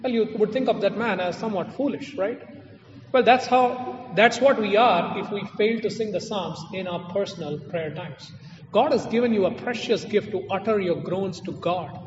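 A man's voice: sits high, moderate pace, slight background noise. A man preaching a sermon in a church, emphatic and repeating his key phrases. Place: church hall. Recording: distant echoey hall, muffled.

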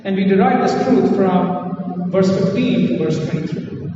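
A high-voiced man preaches a sermon, pressing his points with repeated phrases and questions to the congregation. He is recorded from far off in a long-echoing hall. The sound is dull, with steady background noise. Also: a little slow. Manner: emphatic preaching with rhetorical questions and repetition. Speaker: pastor.

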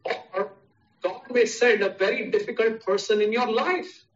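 A man with an Indian English accent delivers a sermon and drives each point home with repeated, parallel phrases. His voice sits fairly high. The recording sounds muffled and echoes around a room. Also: steady tone, measured pace. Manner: repetitive, emphatic preaching with listed parallel phrases. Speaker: preacher. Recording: echoey, distant, dull sound.

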